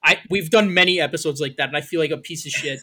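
A man's voice: a little high, quick pace, bright, forceful tone. A man hosting a podcast in casual chat, joking wryly and swearing offhand. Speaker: podcast host.

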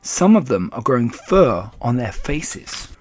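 A man's voice: medium pitch, measured pace. A man reading aloud voices an eager young boy who has been turned into a mouse. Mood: excited. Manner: eager, excited.

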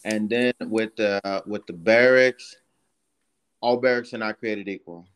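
Slow, measured man on a podcast. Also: fairly low pitch, smooth. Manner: slow, measured, explains step by step. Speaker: podcast co-host, submariner. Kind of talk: casual podcast chat.

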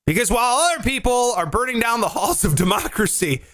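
A man hosting a comedy podcast, telling odd news stories in a joking, animated way and often laughing. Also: extremely high pitch, fairly quick. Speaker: podcast host. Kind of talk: casual comedic news chat.

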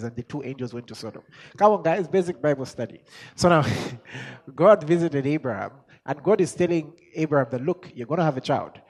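A man preaching a sermon as an apostle, chuckling and asking himself questions as he builds from quiet musing to shouted exhortation. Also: medium pitch. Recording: long hall reverb.

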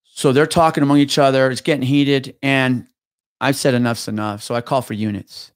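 Profane retired cop telling a story. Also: male voice, mid-range voice, normal speed, no echo, clean studio sound. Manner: profane, animated retelling with many restarts. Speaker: guest, retired police officer. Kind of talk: casual podcast storytelling.

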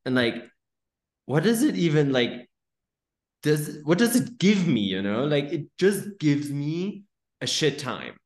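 A man's voice: a little high, very animated, measured pace. A man hosting a podcast, talking casually with lots of swearing and fillers. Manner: swears freely, many fillers and restarts. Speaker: podcast host. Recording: roomy echo.

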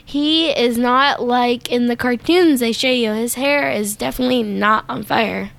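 Chatty woman with a higher voice. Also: measured pace, gravelly, a bit bright. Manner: chatty, filler-heavy, giggly. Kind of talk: casual chat.

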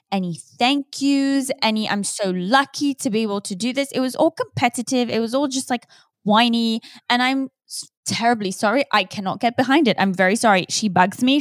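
A woman's voice: on the high side, dry recording. Blunt, swearing young woman, dry sound. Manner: blunt, judgy, heavy swearing. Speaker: podcast co-host. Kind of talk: casual celebrity gossip chat.

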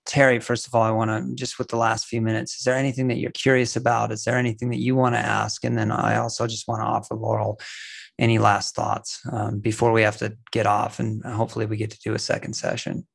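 A male host with a gravelly, flat voice talks in an earnest, halting manner. The sound is dry, with no room around it. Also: lowish voice, no room sound. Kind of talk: casual interview talk.

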